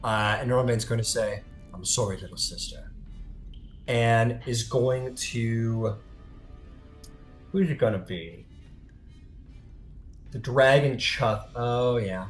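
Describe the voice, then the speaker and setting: A man's voice: medium pitch, slow, long pauses, echoey room, soft background music, low-quality recording. A man running a tabletop game as game master, narrating loosely with lots of fillers and the odd swear.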